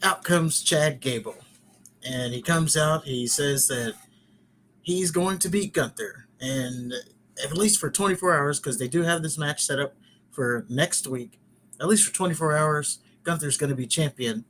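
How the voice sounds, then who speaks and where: A podcast host recaps wrestling casually, chatty and rambling with joking asides. His voice is fairly high and a bit bright, he talks a little slowly, and there is slight background noise.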